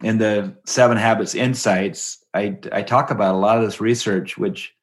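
Animated middle-aged man telling stories. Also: fairly low pitch, normal speed. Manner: animated storyteller, acts out quoted voices with laughs. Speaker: guest, education company president. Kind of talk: conversational interview.

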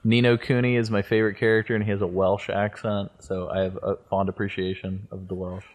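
A man with a somewhat low voice hosts a loose, joking podcast chat. He teases his co-hosts, apologizes in a mock-serious way and swears casually. He also reads listener messages aloud. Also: flat delivery, a little fast. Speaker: podcast host.

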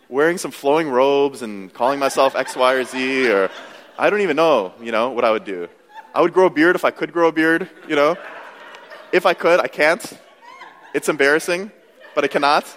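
Chatty young pastor in a reverberant hall. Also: male voice, mid-range voice. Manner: conversational, self-deprecating, many "you know"s. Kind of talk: sermon.

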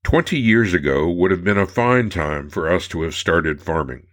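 A man with a very low, deep voice reads old personal letters aloud as a narrator. His delivery is measured and unhurried, like someone taking his time over each line of a letter. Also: lively intonation, fairly bright tone.

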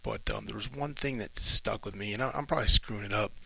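Gravelly, musing middle-aged man. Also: fairly low pitch, pushed and bright, no room sound, poor audio. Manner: thoughtful, musing, speaks in short halting phrases. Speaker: retired Navy officer sharing reflections. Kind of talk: reflective solo monologue.

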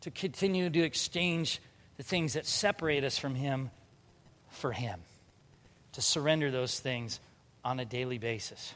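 A man in his thirties preaching a sermon, animated, moving from loud emphatic bursts to quiet earnest passages. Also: medium pitch, unhurried, long pauses, long reverb tail. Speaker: pastor.

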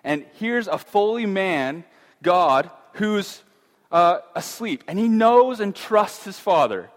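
A man's voice: expressive, takes it slowly. A middle-aged man giving a casual Bible teaching, chatty, with frequent fillers and restarts. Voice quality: conversational, many fillers and restarts. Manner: acts out voices of fear with rising pitch. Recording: long hall reverb.

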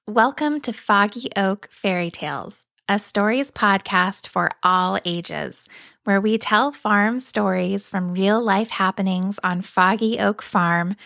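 A woman hosting a children's story podcast, welcoming listeners and narrating a fairy tale in a gentle storybook manner. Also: mid-range voice, vocal fry.

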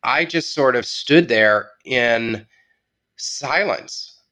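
A man as an interview guest, telling a story in a reflective, measured way with halting restarts. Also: mid-range voice, sharp tone. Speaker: guest writer.

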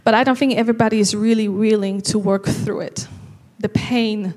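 A woman giving an earnest sermon, slowing down to stress key lines. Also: mid-range voice, fairly even intonation, a little mellow. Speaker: preacher.

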